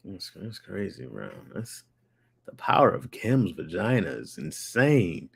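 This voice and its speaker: A young man hosting a loose livestream chat. His voice sits low but swings up high when he gets excited. He talks in slang, stretches words for emphasis and laughs often. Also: measured pace, creaky, husky. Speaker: livestream host reading chat.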